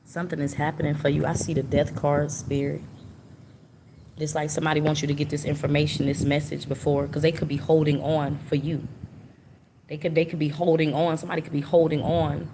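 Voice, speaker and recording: Woman, low voice, earnest and informal tarot reader channeling spirit messages live, faint hiss behind. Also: little pitch movement, fairly quick. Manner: earnest, repetitive, emotional, informal speech.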